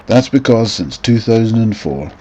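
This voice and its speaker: A very low-voiced announcer , put on by a man, reads a spoof advert in a mock-official, sarcastic tone. The recording is dull and lo-fi, with a faint hiss of noise behind. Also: expressive, normal speed, mellow, close to an everyday voice. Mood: mock-serious.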